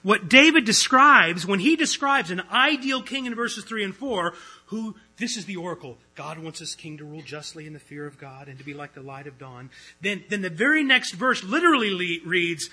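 A man, a pastor, preaching an earnest, conversational sermon that swings between loud stretches and hushed ones. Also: sits high, sing-song, normal speed, husky, rough recording. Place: church.

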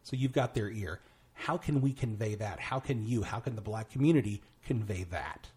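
A man's voice: fairly low pitch, moderate pace, a little mellow, husky. A man hosting a podcast, posing thoughtful questions to his guest. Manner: thoughtful, searching phrasing. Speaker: podcast host. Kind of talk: interview questions.

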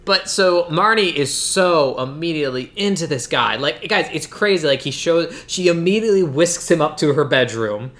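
A podcast host recapping a movie in casual chat, a chatty storyteller who acts out lines in quick voices. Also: mid-range voice, expressive, fairly bright tone.

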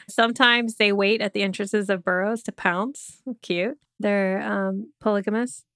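A woman's voice: mid-range voice, fairly even intonation, measured pace, a bit bright, dry recording, clean studio sound. A woman from Oklahoma co-hosting a casual podcast chat, reading facts from notes with chatty asides. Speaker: podcast co-host.

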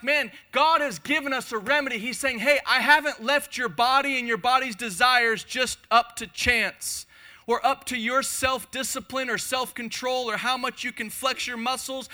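The speaker is a pastor giving a fiery sermon before his congregation in a church hall, leaning on emphatic repetition. His tone is forceful and bright, pitched very high.

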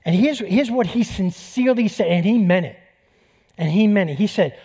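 A man with a New York accent preaching a sermon, animated and building to emphatic peaks. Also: high-pitched, moderate pace, husky. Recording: long hall reverb.

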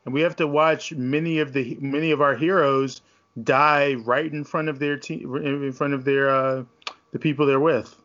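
A man in a casual chat, speaking haltingly and repeating words. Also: mid-range voice, steady tone, fairly bright tone, lo-fi sound.

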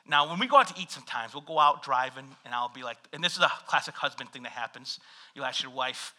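A man's voice: medium pitch, quick pace. A man preaching a sermon, reading scripture and telling funny stories from his married life. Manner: animated storytelling with scripture reading and humor. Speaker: pastor.

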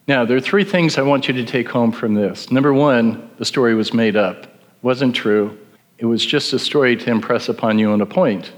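A man gives a sermon, spinning a story with dry humor and an easy, conversational delivery. His voice sits at a middle pitch. Long reverb from a large hall trails every phrase. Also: moderate pace. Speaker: preacher.

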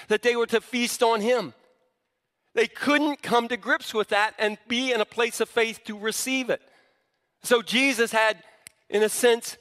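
A man's voice: sits high, bright, forceful tone, in a large hall. A male pastor preaching a sermon with emphasis, often restarting his words mid-phrase.

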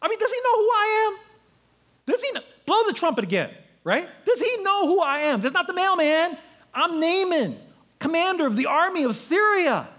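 A man's voice: extremely high pitch, very animated, normal speed, a bit bright, pitched above the performer's own voice, exaggerated voice. A man acting out a proud army commander who is pompous and indignant at being snubbed. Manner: pompous, indignant, self-important.

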